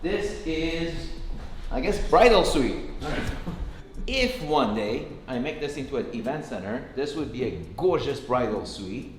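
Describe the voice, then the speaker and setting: A man's voice: medium pitch, slight background noise. Upbeat man giving a building tour. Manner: upbeat, showing things off, filler-heavy. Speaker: property owner giving a remodel tour. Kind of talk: vlog walkthrough.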